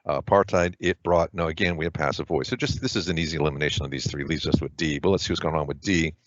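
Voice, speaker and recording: Low-pitched male tutor, thinks aloud, dry, slightly muffled desktop-mic sound. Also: steady tone, fast talker, dry recording. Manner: thinks aloud, mutters answer choices to himself. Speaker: test prep tutor. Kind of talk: talking through grammar questions.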